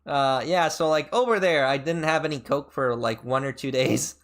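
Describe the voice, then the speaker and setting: A male streamer chatting casually into a desk mic, wandering through his story with lots of fillers and restarts. His voice sits in a middle pitch but jumps sharply high and low from phrase to phrase. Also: normal speed, a bit bright. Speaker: VTuber streamer.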